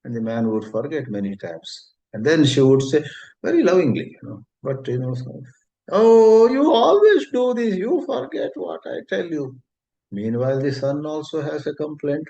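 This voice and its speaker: A man with an Indian English accent giving a spiritual talk, gentle and unhurried, telling a story and rephrasing his words as he goes. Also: mid-range voice. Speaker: spiritual teacher. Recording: dull lo-fi recording.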